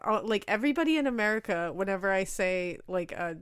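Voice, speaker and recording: A woman co-hosting a podcast, talking in loose, animated chat. She swears freely and laughs often. The sound is dry and close, with no room around her voice. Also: mid-range voice, fast talker, clear, resonant tone, no echo. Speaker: podcast co-host. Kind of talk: casual chat.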